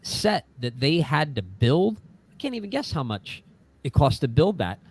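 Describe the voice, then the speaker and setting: A man talking casually as a musician guest on a podcast, halting often and restarting his words, with casual swearing. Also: on the high side, very animated, husky. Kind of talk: casual chat.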